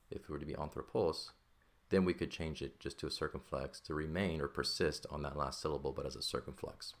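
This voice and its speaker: Very deep-voiced man teaching a lesson. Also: a bit bright. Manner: explains step by step, often checking with "right?" and "okay?". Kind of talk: recorded language lesson.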